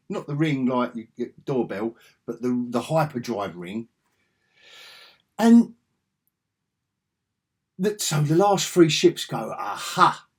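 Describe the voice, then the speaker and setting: A man's voice: mid-range voice, very animated, slow, long pauses, darkish tone, husky. A man giving a rambling, sarcastic spoken review, chuckling often as he retells scenes.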